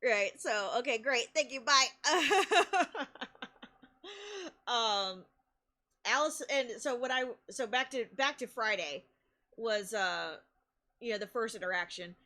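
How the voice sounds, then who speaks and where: A woman streaming live, telling stories in a loose, chatty way. Her voice sits a little high and sounds bright and sharp. She laughs often and trips over restarts as she talks. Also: takes it slowly, long pauses. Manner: animated, laughs often between phrases; chatty, with many restarts and fillers. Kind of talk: casual live-stream storytelling.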